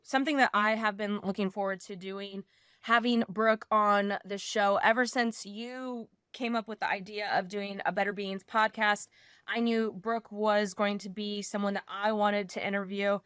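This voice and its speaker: A woman in her thirties co-hosting a podcast, telling a story in a gushing, animated way. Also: mid-range voice, moderate pace, smooth, no room sound, studio quality. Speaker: podcast co-host. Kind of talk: casual podcast chat.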